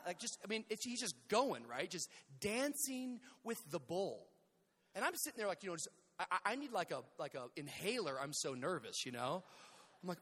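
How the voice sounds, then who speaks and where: A man preaching a sermon, telling a story in an animated way, acting out scenes with shouts and sound effects. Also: high voice, fairly quick. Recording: long hall reverb.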